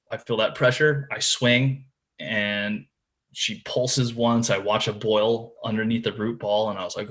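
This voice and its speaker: A man's voice: lowish voice, fairly bright tone. Laid-back man telling a fishing story. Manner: casual, lots of "like", "dude" and "man"; restarts and repeats words while telling the story. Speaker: podcast guest, tournament bass angler. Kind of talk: casual storytelling interview.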